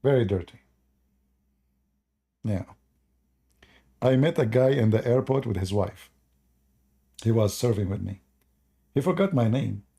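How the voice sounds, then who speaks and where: A man's voice: medium pitch, lively intonation, measured pace, gravelly, pauses often, mellow, slightly rough. A man with an Arabic accent, a native Arabic speaker, hosting a live channel and telling rambling, self-mocking stories, chuckling often. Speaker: host of a live call-in channel. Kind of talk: casual storytelling to a live audience.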